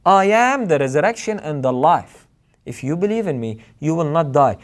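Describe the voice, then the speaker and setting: A man's voice: on the high side, big pitch swings, moderate pace. A man preaching a sermon in an earnest, emphatic way, repeating phrases for weight.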